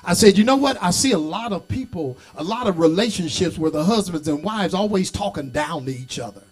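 High-voiced preaching bishop. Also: male voice, lively intonation, brisk. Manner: preaching, rising into shouts and sing-song calls; folksy, talks back to the congregation. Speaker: bishop and pastor. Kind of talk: sermon.

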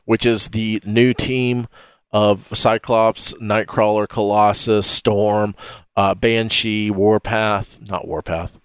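A man's voice: on the low side, fairly even intonation, smooth, dry recording, studio quality. A man hosting a casual podcast, rambling and stumbling over names as he talks. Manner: rambling, halting, fumbles names. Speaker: podcast host.

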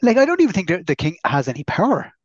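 An Irish man co-hosting a podcast in casual, jokey chat, quick to slip into silly voices. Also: high voice, wildly swooping pitch, no echo, dull audio. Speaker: podcast co-host.

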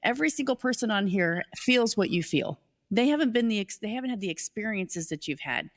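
A woman's voice: mid-range voice, lively intonation, a little fast. A woman hosting a casual live stream on leadership, upbeat and enthusiastic and often laughing.

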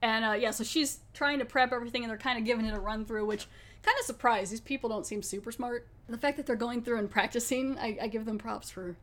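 A woman's voice: a little high, fast talker, a bit bright. A woman hosting a podcast, talking in a chatty, rambling way and laughing often. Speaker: podcast host. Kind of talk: casual chat.

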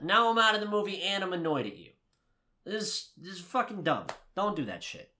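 A man co-hosting a casual movie review podcast, ranting with lots of swearing, swinging from heated shouting to low muttering. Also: big pitch swings, normal speed, slight background noise. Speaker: podcast co-host.

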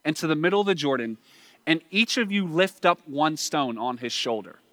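A man's voice: fairly high pitch, expressive, moderate pace, fairly bright tone, dry recording. A man with a Southern US accent preaching a sermon in a conversational way, asking the listeners rhetorical questions.

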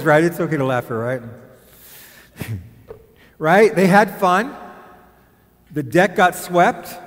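Jokey pastor in an echoing hall. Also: male voice, fairly high pitch. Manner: jokey, rambling and chatty. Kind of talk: conversational sermon.

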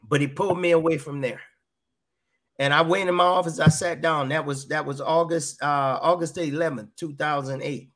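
Fairly even intonation, normal speed, and a slightly high, somewhat bright voice mark this middle-aged man. Guesting on a podcast, he gives a sincere personal testimony, frequently repeating phrases and quoting voices in dialogue.

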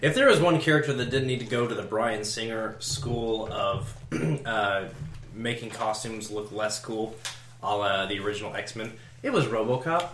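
Wry male co-host, lowish voice, emphatic bursts, echoey with faint hiss. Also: normal speed, a bit bright. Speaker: podcast co-host. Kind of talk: casual movie discussion. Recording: roomy echo with faint noise.

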